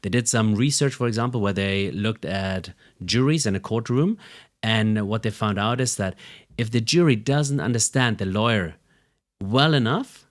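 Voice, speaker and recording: A man with a slightly low voice, talking as a guest on an interview show. He explains speaking technique and illustrates points by shifting his own intonation. His delivery is animated and instructive. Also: normal speed. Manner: animated, demonstrates voice melody with examples. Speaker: voice and communication coach, guest. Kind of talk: podcast interview.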